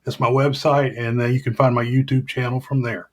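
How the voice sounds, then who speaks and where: A man's voice: medium pitch, flat delivery, brisk. A man guest on a movie podcast, chatting casually and often restarting his sentences. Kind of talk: casual interview chat.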